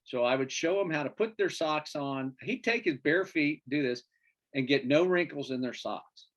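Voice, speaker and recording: A man's voice: on the high side, lively intonation, moderate pace, highs cut off. A man co-hosting a casual sports chat show, rambling through stories and searching for names with fillers. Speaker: podcast co-host.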